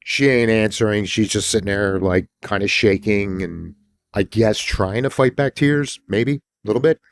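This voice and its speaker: A man hosting a podcast, retelling a film in a casual, animated way, swearing freely and acting out the characters' lines. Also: lowish voice, moderate pace, no echo. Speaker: podcast host.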